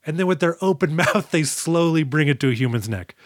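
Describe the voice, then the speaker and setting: A man's voice: on the high side, expressive, fairly quick, no echo, studio quality. A man co-hosting a podcast, retelling movie scenes in rambling, profane casual chat. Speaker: podcast co-host.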